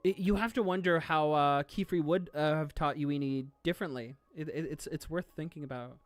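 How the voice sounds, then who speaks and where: A streamer reacting live to a manga chapter, gushing, swearing and squealing with excitement. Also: mid-range voice, a little fast, no echo, faint music behind.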